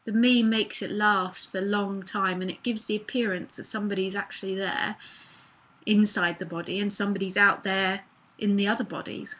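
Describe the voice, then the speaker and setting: A woman's voice: medium pitch, fairly even intonation, normal speed, a bit bright. A woman with a New Zealand accent giving a casual live spiritual talk, rambling and acting out the voice of anxious thoughts. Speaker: nondual spiritual teacher. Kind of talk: live online talk answering questions.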